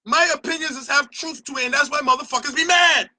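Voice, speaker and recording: A man's voice: very high voice, fast talker, bright, forceful tone. A middle-aged Barbadian man hosting his own opinion show, ranting passionately and profanely about a carnival. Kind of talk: opinion rant to camera.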